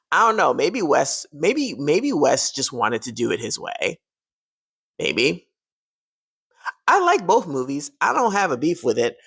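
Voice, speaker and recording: A woman's voice: extremely low pitch, vocal fry, husky, no echo. A woman hosting a horror movie fun-facts video, talking casually and animatedly and laughing often.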